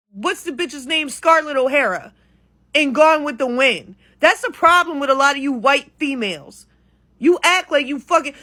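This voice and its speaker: A woman with a high, bright, piercing voice delivers an exasperated reaction rant. She swears freely and keeps the heat up from line to line. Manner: profane, exasperated, heated. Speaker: content creator. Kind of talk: ranting reaction commentary.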